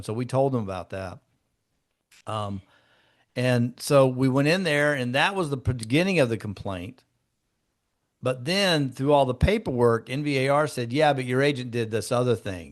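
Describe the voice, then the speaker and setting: A man who is a real estate broker, leading a training session for a group and teaching through conversational stories from his own deals. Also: mid-range voice. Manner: conversational, acts out client dialogue in shifting tones. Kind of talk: instructive storytelling to a group.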